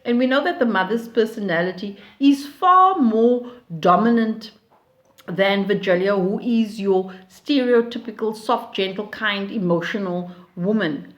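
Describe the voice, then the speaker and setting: Slow, thoughtful woman explaining a play. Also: mid-range voice. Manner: slow, reflective, reads quoted lines with feeling. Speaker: literature teacher. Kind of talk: reading aloud and explaining a play.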